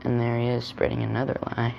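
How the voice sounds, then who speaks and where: A man's voice: mid-range voice, monotone, fast talker, creaky, lo-fi sound, a little hiss or hum. Friendly man reading a kids' storybook. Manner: gentle, chatty asides about the pictures. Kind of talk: reading a children's picture book aloud.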